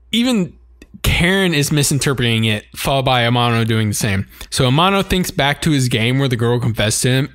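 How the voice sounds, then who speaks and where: A man co-hosting a podcast, telling episode plots in a casual, animated way, often laughing and swearing. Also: mid-range voice. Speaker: podcast co-host. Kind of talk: casual anime recap chat.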